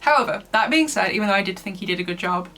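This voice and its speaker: A woman's voice: medium pitch, animated, racing, a bit bright, faint music behind. A woman from Lancashire giving a casual review commentary in a chatty way, laughing often between points. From Lancashire, England. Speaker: book reviewer.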